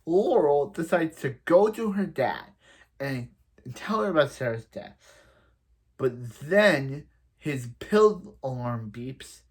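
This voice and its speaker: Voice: mid-range voice, slightly rough. A person giving a casual, rambling recap of a TV episode, with many restarts and fillers. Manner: acts out quoted lines in other voices. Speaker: show reviewer.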